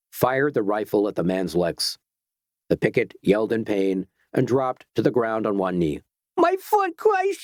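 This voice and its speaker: Low-voiced male audiobook narrator. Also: no echo.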